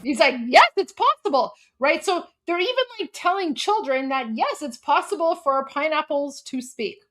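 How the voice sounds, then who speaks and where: A young woman, telling a story in a casual livestream chat, animated and filler-heavy. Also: high voice, moderate pace. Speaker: livestream host.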